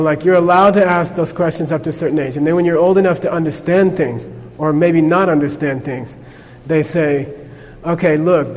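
A man's voice: on the high side, in a large hall. A man teaching a Buddhist class in a conversational way, checking in with his listeners with frequent "okay?". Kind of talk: informal class lecture.

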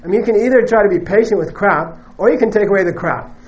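This high-sitting male voice talks fast through a Buddhist teaching before a live audience. He keeps it conversational and jokey, with emphatic asides, pausing frequently to ask "okay?" or add "you know." The sound is lo-fi.

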